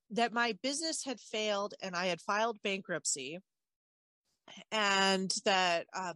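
A woman's voice: fairly low pitch, fairly bright tone, no echo. A woman telling a personal story as an interview guest, candid and wry, with many fillers.

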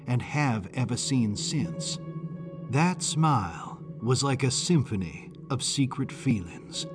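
A man reading first-person audiobook narration in a measured, deliberate way. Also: mid-range voice.

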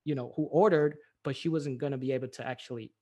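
Animated man telling a story. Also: mid-range voice, fast talker, slightly rough. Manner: animated storyteller, filler-heavy. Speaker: guest, business owner. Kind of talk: casual interview storytelling.

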